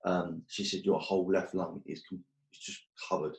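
A man's voice: deep voice, level tone, moderate pace, gravelly, darkish tone, echoey room. A man telling his story as a guest, blunt and swearing often, joking about hard times. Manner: blunt, swears a lot, jokes about hardship. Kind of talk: casual storytelling.

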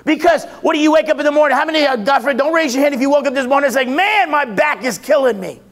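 Male preacher with a very high voice, emphatic, repetitive, call-and-answer delivery. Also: fairly even intonation, rapid-fire. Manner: emphatic, rising to shouts, then dropping low; repeats phrases, asks and answers his own questions. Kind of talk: sermon.

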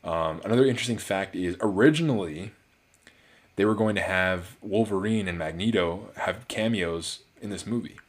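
Male film reviewer, very low voice, casual and rambling. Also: normal speed. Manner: rambling, frequent restarts and fillers. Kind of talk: casual solo movie review.

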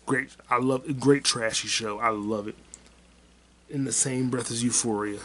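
A man's voice: mid-range voice, fairly even intonation, moderate pace, a crowd in the background. A man hosting his own podcast, rambling through a casual solo monologue in a crude, heated way and mocking people with repeated put-downs. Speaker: podcast host.

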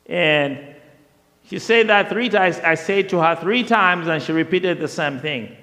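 A man telling a personal testimony in a lively storytelling way, often repeating himself, with the long reverb of a large hall. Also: on the high side, unhurried. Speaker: speaker sharing a testimony.

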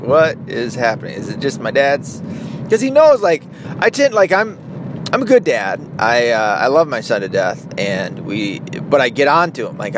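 A man in his thirties tells a story in a loose, profane, rambling vlog, laughing often as he goes. His voice sits at an ordinary middle pitch. Traffic and street noise run clearly behind him. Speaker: vlogger, father of an eight-year-old.

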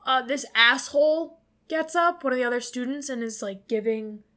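A woman's voice: sits high, normal speed, pushed and bright. Rambling, swearing woman podcast co-host. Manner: rambling, filler-heavy, swears freely. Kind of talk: casual movie recap chat.

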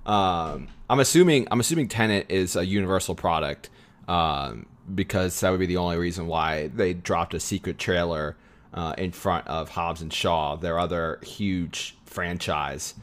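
A man hosting a loose film-talk podcast. His voice sits very low, and he keeps the chat easygoing with plenty of laughs and filler words. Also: normal speed. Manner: chatty, laughs often, many fillers. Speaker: podcast host.

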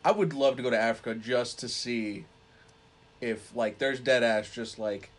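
A man's voice: mid-range voice, moderate pace. A young man co-hosting a podcast in casual chat, laid-back and laughing a lot, often stumbling over his words. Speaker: podcast co-host.

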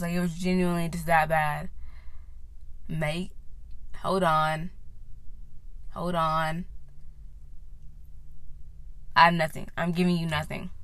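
A woman's voice: on the low side, fairly bright tone, no echo. A young woman in a casual vlog chat, rambling and often interrupting herself as she recommends other creators. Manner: rambling, self-interrupting, off-track.

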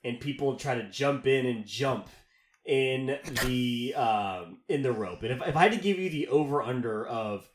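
A man's voice: mid-range voice, lively intonation, normal speed, a little hiss or hum. Rambling man in a roomy echo. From Texas. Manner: rambling storyteller, filler-heavy. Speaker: podcast host. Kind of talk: casual chat.

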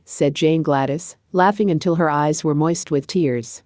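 A woman narrating a storybook in an even, measured reading. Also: low-pitched, no echo, clean studio sound.

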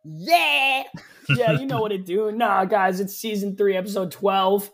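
Man, slightly higher voice, co-host, casual stream banter, jokey slang. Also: brisk. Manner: joking, teasing, loose slang. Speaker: podcast co-host. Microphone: streaming from home on camera.

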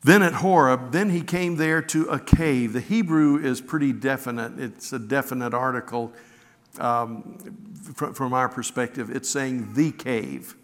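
A man's voice: medium pitch, a little slow. A man preaching a sermon, reading scripture and telling stories in an earnest way, often restarting with repeated words. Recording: long hall reverb.

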